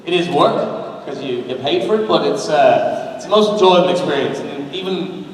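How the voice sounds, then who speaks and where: A man's voice: on the high side, animated. Rambling man on an echoey convention stage. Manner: rambling, halting, with many fillers. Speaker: actor on a fan convention panel. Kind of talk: casual panel talk. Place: large convention hall. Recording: echoey hall, distant fan recording, crowd noise. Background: audience murmur and hall noise.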